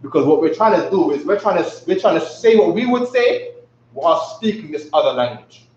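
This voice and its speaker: Brisk and animated, a man with a slightly high, somewhat mellow voice leads a class in slangy, casual speech, repeatedly checking "you know what I'm saying." It's a dull lo-fi recording from a distant mic in an echoey room, with a little hiss or hum.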